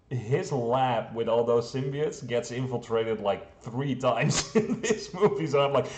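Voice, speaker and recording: A Dutch-accented man from the Netherlands reviews a movie chattily, chuckling often and using plenty of fillers. His medium-pitched voice is a little slow, and the recording has a roomy echo.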